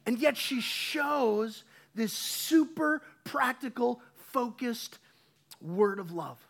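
Male pastor, 30s, high light voice; chatty sermon with emphatic swells and halting restarts. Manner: animated, swings from quiet to emphatic; halting, repeats words when restarting. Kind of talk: conversational sermon.

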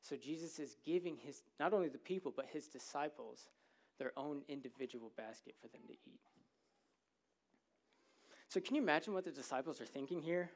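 Casual, joking preacher with a higher voice. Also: male voice, a little fast. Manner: conversational and humorous, often asks the crowd "right?". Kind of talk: sermon. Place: church, in front of a congregation.

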